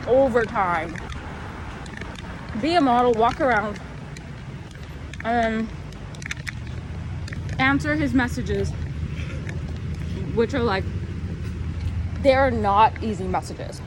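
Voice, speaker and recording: A woman's voice: fairly high pitch, takes it slowly, long pauses. Exasperated young woman ranting, noisy. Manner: animated, exasperated, rambling with many fillers. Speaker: vlogger. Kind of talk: casual storytime rant.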